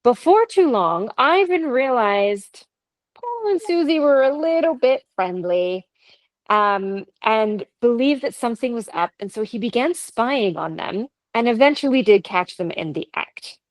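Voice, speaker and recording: A woman's voice: on the high side, lively intonation, measured pace, no echo, poor audio. Chatty Canadian woman telling ghost stories. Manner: chatty, laughs often, reads stories aloud with asides. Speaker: podcast co-host. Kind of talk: casual chat, storytelling.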